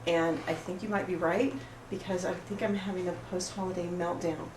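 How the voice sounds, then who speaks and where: An actress playing an oversensitive, apologetic woman at a support group, rambling through an improvised monologue in a rough, emotionally raw way. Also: on the low side, steady tone, brisk, natural voice. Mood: pleading. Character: oversensitive, apologetic woman pouring out her woes. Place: roomy studio space. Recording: echoey room, far mic, background noise.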